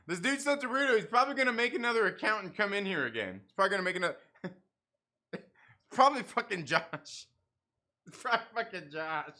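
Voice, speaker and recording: A male livestream host talks casually with a bright, lively voice, reading out viewer comments and bantering back. He laughs often, and his pitch jumps around as he reacts. The voice sits a little high for a man.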